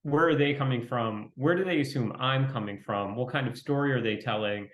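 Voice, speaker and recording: A man speaking as an interview guest, talking quickly in a fairly flat, reflective way. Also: mid-range voice, dull audio. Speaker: venture capitalist guest. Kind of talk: conversational interview. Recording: roomy echo.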